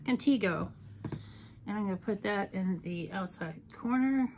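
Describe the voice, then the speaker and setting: A woman's voice: medium pitch, a little slow, darkish tone, a little hiss or hum. A woman chatting through a makeup tutorial, playful and talkative, with jokey asides. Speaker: beauty vlogger. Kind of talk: casual makeup tutorial chat.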